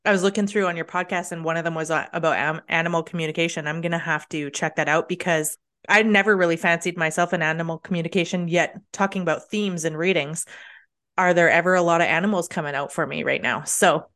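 A woman hosting a podcast, a medium herself, talking casually with quick, lively reactions and the odd swear. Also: fairly low pitch. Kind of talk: casual chat.

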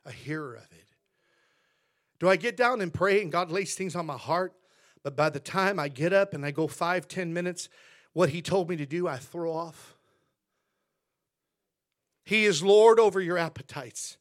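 This American pastor's high voice moves at a moderate pace with frequent pauses as he preaches. His folksy, story-driven sermon alternates between soft asides and loud, emphatic pronouncements.

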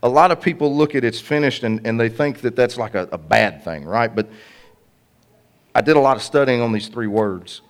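A man's voice: medium pitch, moderate pace. A man preaching a conversational, jokey sermon to a congregation.

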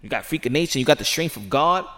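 Man, high voice, excited rambling commentary, outdoors. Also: quick pace. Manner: rambling, animated, repeats himself, with outbursts. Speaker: sports commentary vlogger.

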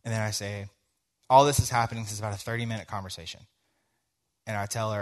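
A young man delivers a sermon in a relaxed, conversational way, slipping into a personal story and acting out both sides of the dialogue. His voice sits a little on the low side. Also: quick pace, long pauses. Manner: conversational, tells a story with quoted dialogue, frequent "like". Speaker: teacher giving a sermon.

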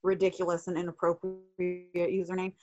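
A woman's voice: lowish voice, monotone, normal speed, a little mellow, highs cut off, faint music behind. A woman chatting casually, telling a story in an exasperated, sarcastic way. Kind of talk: casual chat.

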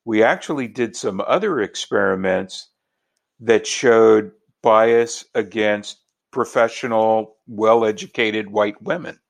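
Man, professor, interview guest, measured explanation, gravelly low voice. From Los Angeles, United States. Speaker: linguistics professor. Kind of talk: interview answers.

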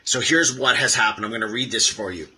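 A man's voice: fairly low pitch, brisk, sharp tone, low-quality recording. A man from Canada giving casual video commentary, hesitant and full of restarts, reading out a statement. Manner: hesitant, many fillers and restarts. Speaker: online commentator.

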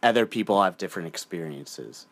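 A man talking calmly and thoughtfully as a guest in a casual podcast chat. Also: low voice, brisk.

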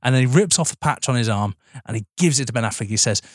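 A man co-hosting a film podcast, swearing and mocking the film in quick banter. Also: medium pitch, expressive, no echo, studio quality. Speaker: podcast co-host. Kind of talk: casual film-review banter.

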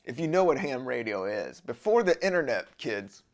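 Man, podcast host, rambling monologue, gravelly voice, laid-back, swears a lot. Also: mid-range voice, big pitch swings, normal speed. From Southern Virginia.

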